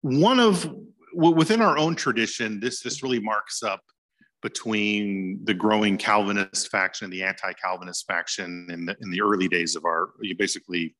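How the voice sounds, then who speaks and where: A man's voice: fairly low pitch, normal speed, fairly bright tone. A man giving an informal lecture on church history, talking conversationally and chuckling now and then.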